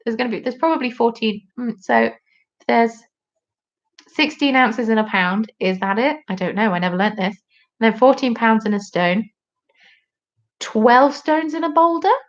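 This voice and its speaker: A woman's voice: on the high side, moderate pace, lo-fi sound. A British woman from the UK, hosting a casual live stream with a chatty, jokey, rambling manner. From United Kingdom.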